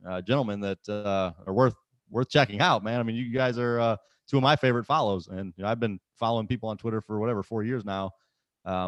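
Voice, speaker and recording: A man's voice: lowish voice, dry recording. A man hosting a podcast, talking casually and emphatically, often repeating words as he starts a sentence. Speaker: podcast host. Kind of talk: casual conversation.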